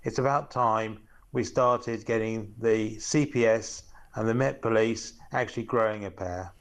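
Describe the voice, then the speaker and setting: A man's voice: on the low side, a little slow. Angry man in a voice note. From Norfolk. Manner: angry, ranting. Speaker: caller. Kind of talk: recorded voice note.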